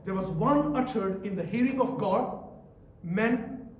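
A man's voice: high voice, a little slow, highs cut off. A man preaching a sermon in a church, emphatic and repetitive, quizzing the congregation as he goes. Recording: echoey church from a distance.

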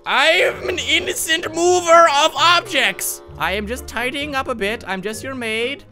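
A man putting on the voice of a creepy, overpolite neighbor who pretends to be a maid, slow and falsely sweet. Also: extremely high pitch, sharp tone, faint music behind, voice pushed up, heavily acted. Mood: falsely innocent.

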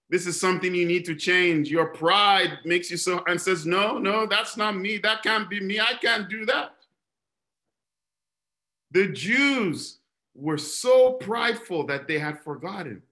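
High, bright-voiced male preacher. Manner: emphatic, repeats phrases and asks rhetorical questions. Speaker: pastor. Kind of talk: sermon.

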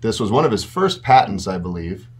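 A man's voice: lowish voice, sing-song, brisk, crowd noise. A man from the guest's company chiming in supportively and recapping for listeners. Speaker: company team member. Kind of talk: casual interview chat.

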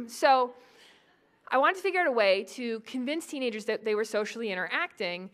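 A woman in her forties from New England gives a conference lecture in a high-ish voice. She keeps the audience engaged with lively, joking asides. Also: moderate pace. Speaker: psychology professor giving a talk.

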